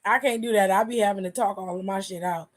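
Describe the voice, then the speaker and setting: A woman co-hosting a show aftershow in casual chat, animated and profane, often laughing as she talks. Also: mid-range voice, quick pace. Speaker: aftershow co-host.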